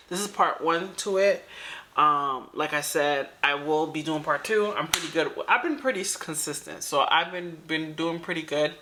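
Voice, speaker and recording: A woman's voice: low voice, noisy background. A woman hosting a reaction video, commenting emphatically in casual slang.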